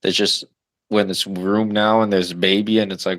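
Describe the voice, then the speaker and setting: A man's voice: fairly low pitch, flat delivery, fairly quick, a bit bright, no room sound. A young man in his twenties, a new father of twins, chatting loosely on a podcast with lots of fillers and the odd curse. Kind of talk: casual chat.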